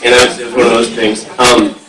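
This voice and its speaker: A man on a convention panel, a voice actor, telling anecdotes with lively energy, laughing often and stumbling over his words. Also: medium pitch, fast talker. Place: large convention hall. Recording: echoey hall, far off, loud hiss.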